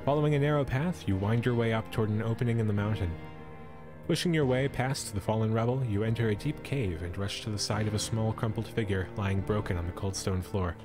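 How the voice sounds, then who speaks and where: A man's voice: lowish voice, fairly quick. Brief: male streamer narrating a storybook, casual jokey asides, faint music under him. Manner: playful asides and laughs between narration. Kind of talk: reading a storybook aloud to a live stream.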